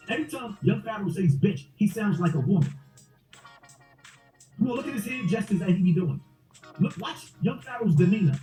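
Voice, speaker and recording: A man with a high, warm voice delivers a mocking rant, taunting and repeating his jibes again and again. The recording sounds roomy and distant, with faint music behind him.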